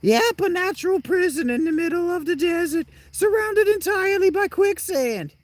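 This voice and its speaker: A man putting on a shrill, excitable voice for a male game character, squealing his lines breathlessly. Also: moderate pace, no room sound. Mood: excited. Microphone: clip-on mic.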